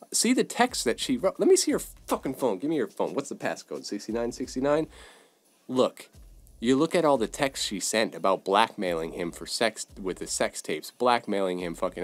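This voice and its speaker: Male podcast host, heated profane rant, mid-pitched voice, dry close sound. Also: no room sound. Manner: heated, profane, repetitive ranting. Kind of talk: casual sports rant.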